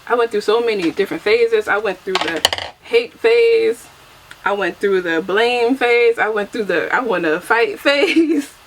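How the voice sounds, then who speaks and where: A chatty young woman talks casually while doing her makeup at home, laughing at herself as she goes. Her voice sits at an ordinary middle pitch, picked up by a camera mic with a faint hiss underneath. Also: unhurried, poor audio. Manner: chatty and self-deprecating, laughs often. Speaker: beauty vlogger. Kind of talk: casual get-ready-with-me chat.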